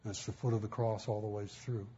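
A man's voice: lowish voice, flat delivery, fast talker, mellow, husky. A man preaching a sermon in a folksy storytelling way, acting out quotes. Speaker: pastor. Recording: muffled, faint background hiss.

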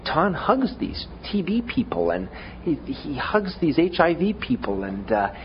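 Preaching in a conversational way, a man with a fairly high, sing-song voice speaks a little slowly, often tripping over repeated words and making self-deprecating jokes. The sound is lo-fi, with a little hiss or hum.

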